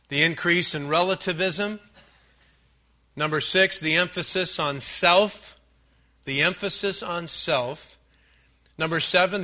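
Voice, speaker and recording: Forceful, bright-voiced preaching man. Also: fairly high pitch. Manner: emphatic preaching, lists points, slows on key words; dry joking asides. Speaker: pastor. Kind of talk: sermon.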